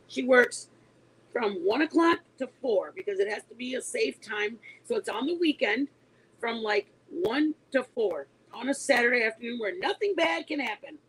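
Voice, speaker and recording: A woman in her forties, a mother, telling a story to her online viewers in a casual, animated way. She is emphatic and laughs often as she talks. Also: fairly high pitch, slight background noise, poor audio. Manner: animated and emphatic, insisting she is not lying.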